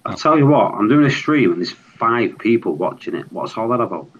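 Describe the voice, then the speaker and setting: A man joining a live stream call who banters, teases and laughs a lot. His voice rises and falls in a lively way, and the call audio sounds dull and lo-fi. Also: mid-range voice, a little fast, slight background noise. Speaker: stream guest. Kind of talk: casual chat.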